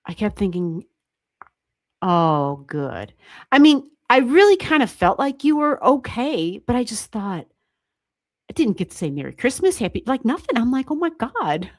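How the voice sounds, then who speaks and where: A woman hosting a livestream, chatting casually as she reads charts, excitable and laughing often, with casual swearing. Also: fairly high pitch, moderate pace, no echo. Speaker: astrology livestream host.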